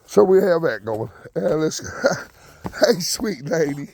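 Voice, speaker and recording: A man's voice: a little high, animated, takes it slowly, gravelly, a little mellow, slight background noise. A man, chatting casually to his viewers and sweet-talking his hens while he feeds them outdoors. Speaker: backyard chicken keeper. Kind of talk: casual vlog chat. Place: outdoor yard and front porch in freezing weather.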